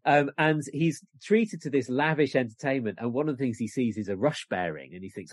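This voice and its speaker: A man's voice: medium pitch, brisk, no room sound, studio quality. Chatty man telling history. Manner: chatty, animated storytelling with laughs. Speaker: guest author. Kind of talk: casual podcast chat.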